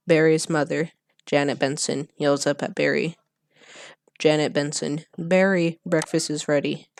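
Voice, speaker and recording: A channel host reading a film script aloud in a deadpan monotone, stumbling over words and losing their place. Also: mid-range voice, no room sound, studio quality.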